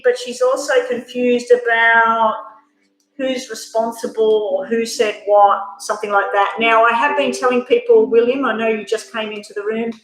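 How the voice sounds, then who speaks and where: Live-stream tarot host: woman, higher voice, candid and emotional chat, recorded in a roomy echo. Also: fairly bright tone. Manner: addresses viewers directly. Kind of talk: casual live-stream chat and card reading. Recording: echoey room.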